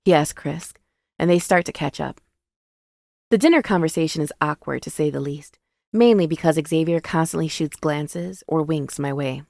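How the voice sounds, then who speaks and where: A woman narrating a first-person romance novel as an audiobook, in a measured, wry storytelling manner. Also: low-pitched, creaky, a little mellow, dry recording, clean studio sound.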